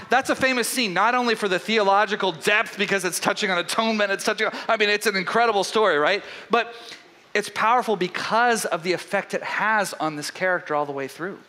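A man preaching a sermon as pastor, telling a story in an animated way with frequent restarts. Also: high-pitched.

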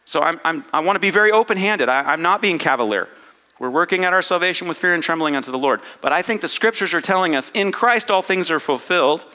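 A man leads a congregation through a casual, animated sermon, poking fun at himself and voicing his inner dialogue aloud. His voice sits a little high and rings bright and forceful. Long reverb from a large church hall trails each phrase. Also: fast. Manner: animated, self-mocking asides, acts out inner dialogue. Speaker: pastor. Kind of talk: conversational sermon.

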